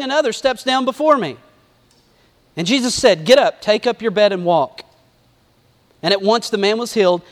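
A man preaching a sermon in a lively, conversational way, acting out asides as he reads scripture. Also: very high-pitched, in a large hall. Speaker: pastor.

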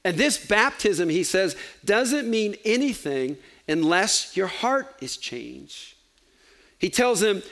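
Pastor delivering a sermon: high voice, chatty, animated, light humor. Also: male voice, slow pace. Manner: animated, conversational, joking asides. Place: church.

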